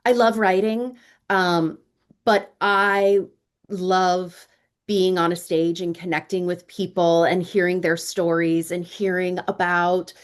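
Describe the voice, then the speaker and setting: A woman in her forties, an author guesting on a podcast, talking in quick, chatty bursts with casual fillers. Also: lowish voice, flat delivery, clean tone. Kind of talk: conversational interview.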